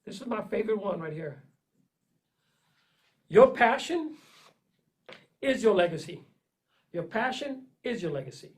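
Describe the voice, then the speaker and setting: An earnest man preaches a motivational pep talk, repeating himself and calling his listeners "man." His delivery swings from loud, pushy urging to low, intense murmurs. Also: big pitch swings, measured pace, pauses often, low-quality recording. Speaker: vlogger giving life advice. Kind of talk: motivational monologue.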